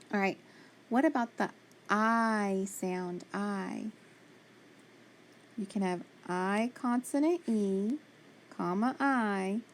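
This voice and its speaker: Slow, patient woman teaching phonics. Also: medium pitch. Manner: patient, encouraging, sounds out letters slowly. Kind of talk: phonics spelling lesson.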